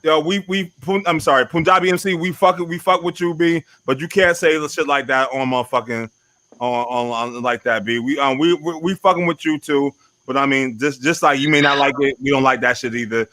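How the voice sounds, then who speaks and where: A man's voice: fairly high pitch, brisk, bright, forceful tone, dry recording. A man hosting a podcast panel, talking loosely and profanely and repeating himself. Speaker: podcast host. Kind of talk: casual panel chat.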